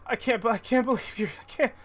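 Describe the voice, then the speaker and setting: A man's voice: fairly quick, fairly bright tone, husky, full character voice. Man doing a weeping, stammering father. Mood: tearful. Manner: choked-up, stammering, high and strained. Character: tearful overjoyed father, a man rejuvenated and reunited with his daughter.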